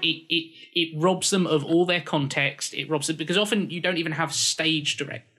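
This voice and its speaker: Bright, measured man. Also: fairly high pitch. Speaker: podcast co-host. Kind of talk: casual chat.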